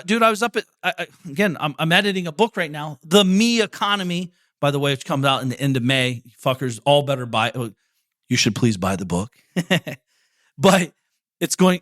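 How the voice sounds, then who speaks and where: A man in his forties delivering a blunt, swear-laden motivational talk for his podcast. His voice is bright and forceful and sits a bit higher than most men's. It is recorded dry and close. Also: dry recording. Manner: profane, blunt, preachy. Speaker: podcast host. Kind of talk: motivational monologue.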